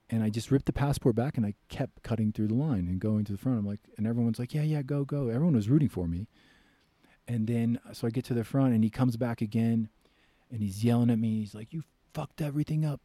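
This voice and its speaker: Low-voiced American man telling a story. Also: no echo. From United States. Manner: animated storyteller, acts out quoted voices loudly. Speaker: podcast guest, author. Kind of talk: casual storytelling.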